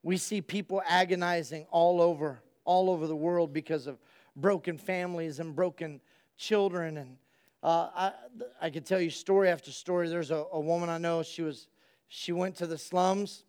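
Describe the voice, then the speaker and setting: Male pastor preaching a sermon, high clear voice, hushed stretches rising to loud, excited passages. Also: moderate pace.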